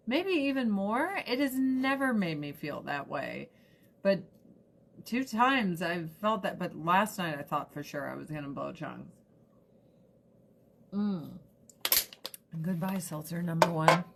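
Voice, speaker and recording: A woman's voice: medium pitch, vocal fry, fairly bright tone. A woman in her thirties from the United States, chatting casually and rambling to the camera as a vlogger, swearing now and then.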